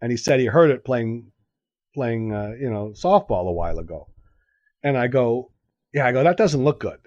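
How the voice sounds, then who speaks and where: A man's voice: mid-range voice, expressive, moderate pace, darkish tone, no echo, highs cut off. A man on a casual podcast, telling a rambling anecdote full of quoted back-and-forth and repeating himself. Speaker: podcast co-host. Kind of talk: casual chat.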